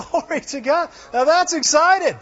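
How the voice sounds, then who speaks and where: High-voiced preacher in an echoing hall. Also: male voice, measured pace. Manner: animated, rhetorical questions, bursts of "Glory to God". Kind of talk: sermon. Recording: dull lo-fi sound in a reverberant hall.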